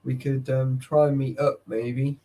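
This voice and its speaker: A tired young man rambles through a casual livestream chat. His voice is mellow and dark, sitting at a middling pitch. He swears freely and keeps greeting his viewers by name. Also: flat delivery, measured pace. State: tired and sleepy.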